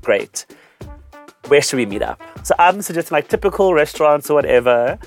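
A young man co-hosting a podcast, telling a dating story in a teasing, animated way. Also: fairly high pitch, brisk, faint music behind. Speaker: podcast co-host. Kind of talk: casual chat, storytelling.

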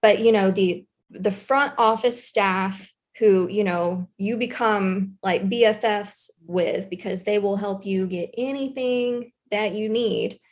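A woman with a Southern US accent telling a school story in a casual chat, animated and chatty with plenty of fillers. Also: medium pitch, slow pace, hardly any pauses. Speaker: guest storyteller, former intervention specialist.

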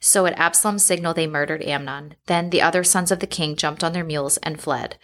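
A woman reading scripture passages in a steady, measured storytelling manner. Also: low voice. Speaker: scripture reader.

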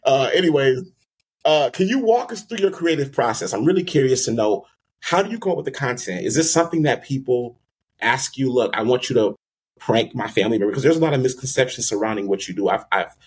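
A man's voice: mid-range voice, lively intonation, brisk, husky. A man hosting a podcast, easygoing and asking long, rambling questions. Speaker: podcast host. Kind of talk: casual interview chat.

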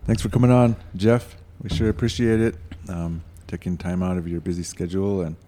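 A man's voice: sits low, fairly even intonation, a little fast, warm tone. A man co-hosting a podcast in casual chat, trading corny dad jokes. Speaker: podcast co-host.

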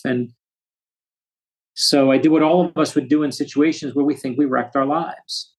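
A man in his fifties from the United States, an author telling stories with quick asides as a podcast guest. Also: medium pitch, steady tone, rough recording. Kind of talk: storytelling interview.

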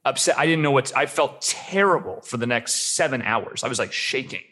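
Male podcast co-host, very lively pitch, chatty storyteller. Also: brisk. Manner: animated storyteller, laughs often, acts out quoted reactions. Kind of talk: casual podcast chat.

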